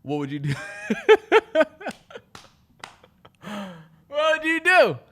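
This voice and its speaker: A man's voice: very high-pitched, wildly swooping pitch, fairly quick, sharp tone. A man co-hosting a podcast in casual chat, laid-back and teasing. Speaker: podcast co-host.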